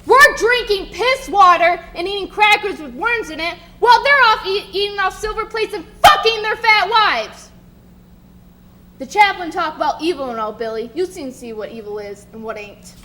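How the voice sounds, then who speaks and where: A woman's voice: fairly high pitch, lively intonation, brisk, hardly any pauses, fairly bright tone. A woman playing a bitter, rebellious male sailor with coarse, crude talk in a live stage play. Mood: furious. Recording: stage recording with faint noise.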